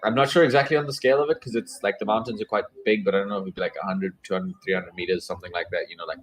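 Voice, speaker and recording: A man's voice: fairly low pitch, steady tone, rapid-fire, low-quality recording. A man running a tabletop game as game master, narrating with many fillers and restarts.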